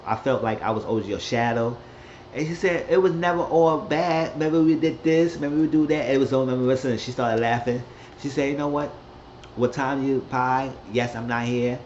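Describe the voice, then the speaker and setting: A man recapping a TV episode in a loose, rambling way, jumping into characters' lines with a raised, lively voice. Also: highs cut off, a little hiss or hum. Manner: rambling, acts out quotes with raised pitch. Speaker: recap host.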